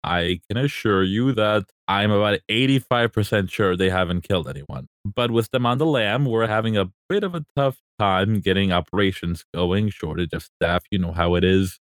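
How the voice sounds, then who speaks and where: A man voicing a sly crew boss who makes his pitch in a wheedling, chatty way. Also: lively intonation, normal speed, hardly any pauses, no echo, studio quality, lightly acted. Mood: persuasive. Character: sly, smooth-talking male crew boss.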